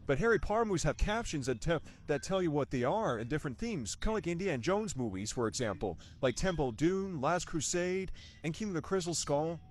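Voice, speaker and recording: A man's voice: fairly high pitch, slight background noise. A young man from the United States giving a rambling, casual movie review, full of restarts and rhetorical questions.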